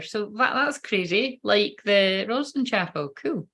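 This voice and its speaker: A woman's voice: medium pitch, lively intonation, moderate pace, pushed and bright. A woman reading oracle cards in a casual, rambling livestream chat, swearing now and then. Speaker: tarot card reader.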